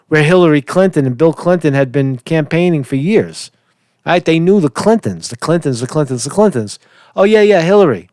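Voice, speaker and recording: A man's voice: fairly high pitch, no room sound, studio quality. A man giving casual political commentary, rambling and opinionated, who often repeats words and restarts sentences.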